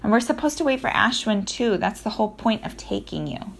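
A woman's voice: medium pitch, expressive, a little fast, vocal fry. A woman doing an exasperated young boy. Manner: pleading, exasperated. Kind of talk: audiobook character reading.

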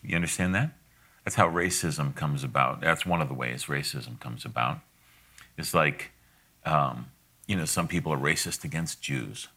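A man's voice: very deep voice, normal speed, bright, forceful tone. A middle-aged man giving a conversational sermon, folksy and direct, with asides and frequent laughs.

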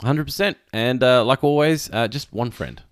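A man's voice: medium pitch, normal speed, dry recording, clean studio sound. A young adult man with an Australian accent, co-hosting a podcast in easygoing casual banter, often laughing along. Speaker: podcast co-host. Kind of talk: casual chat.

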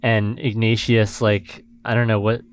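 A man's voice: fairly low pitch, flat delivery, measured pace, background noise. A man chatting and reading stage directions aloud in a plain, matter-of-fact way. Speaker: comedy writer and script reader.

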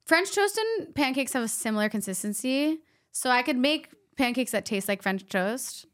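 Picture a woman in a relaxed podcast chat, bubbly and playful as she spins a story. Her voice sits a touch higher than most. She sounds like a guest loving the conversation. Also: normal speed. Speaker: podcast guest, health coach. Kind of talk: casual chat.

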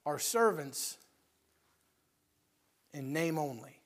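A man preaching a sermon, emphatic and folksy, telling stories between scripture readings and building to loud peaks. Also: high voice, moderate pace, pauses often. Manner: folksy with storytelling asides.

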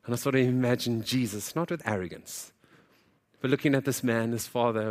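A man's voice: mid-range voice, a little fast. A man preaching a sermon, talking in a conversational way, his voice swelling and dropping for emphasis as he acts out quoted voices. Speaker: pastor.

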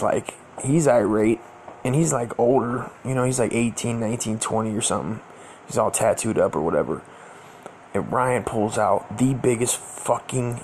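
A man's voice: mid-range voice, vocal fry, slight background noise. A young man telling a rambling, profane story in casual slang, full of fillers. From Southern California.

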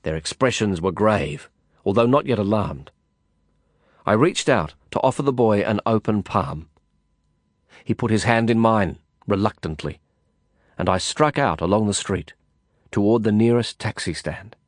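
A man narrating a first-person novel in a measured, reflective storytelling manner. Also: on the low side, lively intonation, no echo, studio quality. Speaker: audiobook narrator.

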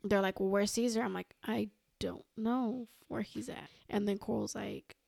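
With vocal fry and a darkish tone, this young woman's mid-range voice holds steady at normal speed, recorded in studio quality with no room sound. She's a podcast guest chatting casually, rambling through a long personal story and repeatedly quoting herself and others with "I was like."

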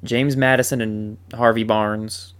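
Male football fan vlogger, mid-pitched, casual commentary, joking and sarcastic. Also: measured pace, smooth. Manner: animated and joking, with dry sarcasm.

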